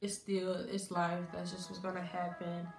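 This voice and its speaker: A young woman tells a college story in a relaxed, candid way, slipping into her family's voices now and then. Her voice sits a little low. The room is echoey, and music plays behind her. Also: moderate pace, creaky. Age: young adult. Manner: candid, conversational, acts out family dialogue. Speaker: college student vlogger. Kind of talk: casual storytime.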